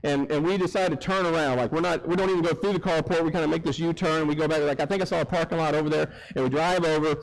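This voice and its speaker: A man preaching a sermon, telling a story in an animated way and acting out the people in it. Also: a little high, fast talker, hardly any pauses, rough recording. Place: church sanctuary.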